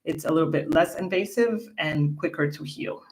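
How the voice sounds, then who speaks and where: A woman's voice: sits low, normal speed, darkish tone. A woman co-hosting a casual livestream, chatting and reading viewer comments aloud from a home setup. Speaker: livestream co-host.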